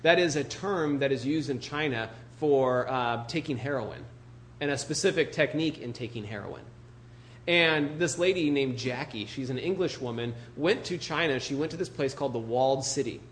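A man's voice: medium pitch, moderate pace, fairly bright tone, slight background noise. A male pastor preaching a casual, joking sermon and reading scripture, full of "you know" and "like".

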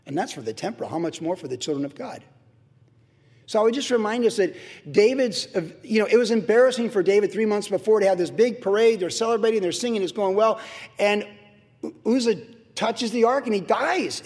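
A man's voice: high voice, animated, brisk, darkish tone. A middle-aged man, a pastor, preaching a sermon in an emphatic, conversational way. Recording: long reverb of a large hall.

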